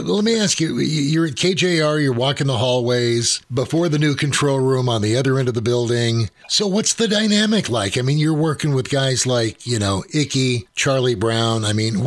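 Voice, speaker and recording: A male host asks chatty questions in a casual interview, his pitch rising and falling in a lively way. He fills pauses with small fillers.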